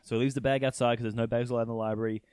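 A man's voice: medium pitch, level tone, racing, a little mellow, clear, resonant tone, no room sound. Chatty male podcast co-host, dry close sound. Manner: chatty, eager storyteller, jumps in often. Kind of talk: casual comedy podcast chat.

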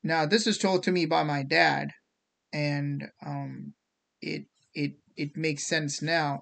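A man's voice: on the high side, fairly even intonation, takes it slowly, vocal fry, a bit bright. A man talking casually in a podcast monologue, rambling with many fillers and restarts.

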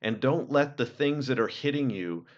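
A man's voice: mid-range voice, expressive, normal speed. A man on a podcast talking earnestly and casually, with fillers and restarts. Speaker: podcast host. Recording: dull lo-fi recording.

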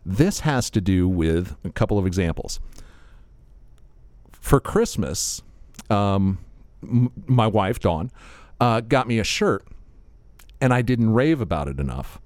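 A man's voice: on the low side, very animated, slow, pauses often, darkish tone, dry recording. A middle-aged man telling a story in casual chat. He laughs often as he talks.

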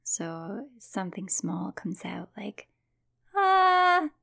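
A woman with a low-pitched voice hosts her own podcast, telling a personal story in a soft, often whispered way. She speaks slowly and reflectively, and the recording is dry and close. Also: steady tone, dry recording. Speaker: podcast host.

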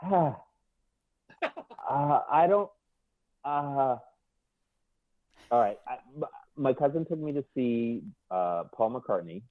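A man's voice: medium pitch, lively intonation, slow, pauses often, no echo. A man, a guest musician, talking in a casual chat and often repeating himself as he hesitates. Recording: dry, tinny phone-like line.

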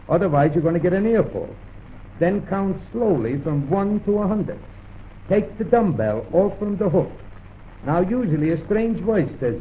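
A man delivering a deadpan comic monologue on an early gramophone record, mimicking the phone voices he describes. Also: fairly high pitch, moderate pace, narrow, tinny audio, a little hiss or hum. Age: 1910s archive recording.

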